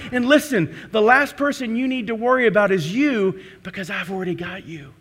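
High, bright-voiced preaching man. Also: fairly quick, few pauses. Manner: emphatic preaching with repetition and rhetorical questions. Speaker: pastor. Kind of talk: sermon.

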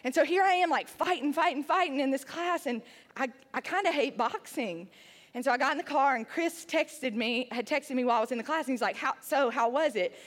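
Woman speaker, high voice, chatty and self-deprecating, long hall reverb. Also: brisk, fairly bright tone. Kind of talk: humorous personal story to an audience.

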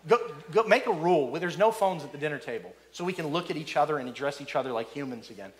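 A middle-aged male pastor delivering a sermon in a notably high voice. He talks in an animated way, doubles up his words and slips into little acted-out voices for the people he quotes. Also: fast talker. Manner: animated, repeats words, acts out quoted speakers.

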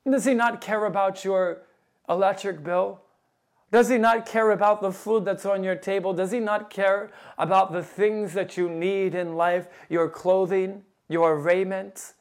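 A male preacher delivers a fervent sermon in a high, ringing voice. He leans into old scripture wording and presses his listeners with urgent questions. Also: fairly even intonation, a little slow. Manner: fervent, rising to loud emphatic appeals.

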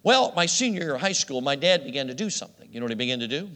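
A man's voice: mid-range voice, very animated, very fast, fairly bright tone, in a large hall. A middle-aged man preaching a sermon, telling a personal story with self-deprecating humor and frequent laughs.

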